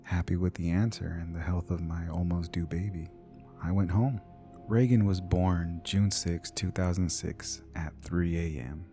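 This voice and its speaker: A male narrator tells a scripted horror story in a low, gravelly, mellow voice. He often drops to a hushed near-whisper, with faint music underneath. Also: fairly even intonation, a little slow. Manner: hushed, half-whispered delivery.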